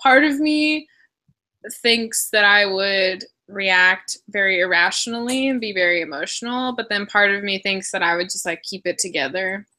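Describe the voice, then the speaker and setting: Bright-voiced woman hosting a book chat. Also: mid-range voice, normal speed. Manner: chatty, laughs often, hedging. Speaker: book club host. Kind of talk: casual video call chat. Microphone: video call.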